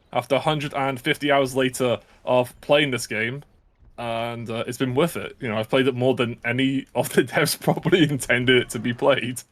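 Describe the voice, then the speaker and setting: A man's voice: medium pitch, a bit bright. Jokey upbeat speedrunner guy. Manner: jokey, upbeat, self-aware. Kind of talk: casual live commentary over gameplay.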